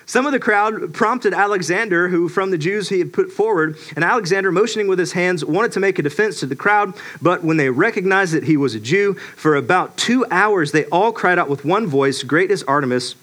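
Bright, high-voiced man teaching scripture. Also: brisk, hardly any pauses. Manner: animated, acts out characters in playful voices; conversational, many restarts and fillers. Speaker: Bible teacher. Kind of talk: casual Bible teaching.

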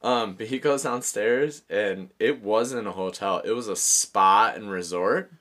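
A man hosting a podcast, telling a story in casual chat, animated and swearing freely, often laughing as he talks. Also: lowish voice, unhurried. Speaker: podcast host.

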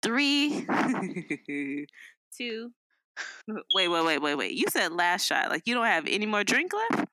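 A woman's voice: medium pitch, very animated, takes it slowly, sharp tone, no room sound, poor audio. A woman co-hosting a podcast in casual chat, playful and laughing often. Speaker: podcast co-host.

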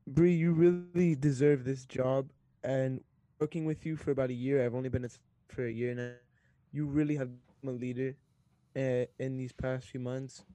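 A man's voice: medium pitch, steady tone, moderate pace, warm tone. A man who works at a radio station, speaking earnestly and sincerely on air. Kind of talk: casual on-air speech.

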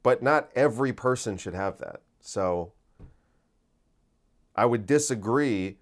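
A man's voice: mid-range voice, animated, takes it slowly. A man hosting a podcast, talking casually and incredulously, full of restarts and rhetorical questions. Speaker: podcast host.

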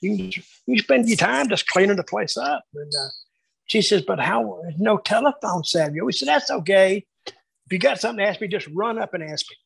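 A man reminiscing casually about his years booking shows, telling lively anecdotes and acting out the quotes. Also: high voice, fairly quick, vocal fry, slightly rough, no room sound, rough recording. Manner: animated storyteller acting out quotes. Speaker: wrestling booker telling stories.

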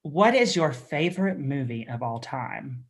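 A man's voice: mid-range voice, animated, a little slow, crowd noise. A man with a Southern US accent hosting a casual interview, chatty and sassy. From Southern United States. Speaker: host.

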